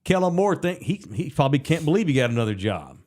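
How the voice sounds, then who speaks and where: A man's voice: a little high, fast. A man co-hosting a sports podcast, talking in a jokey, casual way. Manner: animated, jokey, swings loud and soft. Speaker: podcast co-host.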